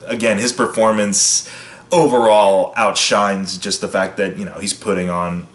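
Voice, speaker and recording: Man, casual film review, rambling with fillers and restarts, lowish voice, echoey room. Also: flat delivery, measured pace. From United States. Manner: chatty, loose, frequent fillers and restarts, brief impressions of lines.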